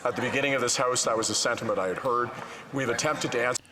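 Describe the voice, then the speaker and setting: A man answering as government house leader, halting with frequent fillers. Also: medium pitch, fairly even intonation, over a noisy crowd. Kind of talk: parliamentary answer.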